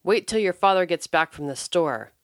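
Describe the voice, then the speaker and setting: A woman's voice: sits low, animated, moderate pace, no room sound. A woman voicing an upset mother of three young boys, speaking in a dry, close-up reading voice. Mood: angry. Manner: cries out, then turns soft and regretful.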